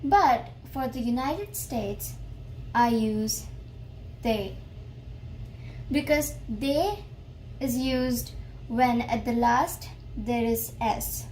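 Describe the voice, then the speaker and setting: A woman teaching a beginner French lesson, explaining slowly and repeating each phrase carefully. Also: a little high, darkish tone, slight background noise, poor audio.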